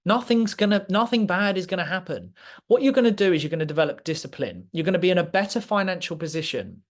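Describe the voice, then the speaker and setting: A man giving a motivational masterclass talk to a live audience, direct, emphatic and passionate, speaking clearly and with authority. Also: high voice, expressive, quick pace. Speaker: guest speaker.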